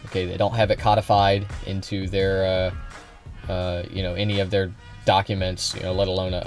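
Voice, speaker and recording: A man giving heated, profane commentary on a live stream, often repeating himself and restarting sentences. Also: sits low. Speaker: political streamer reacting to a clip.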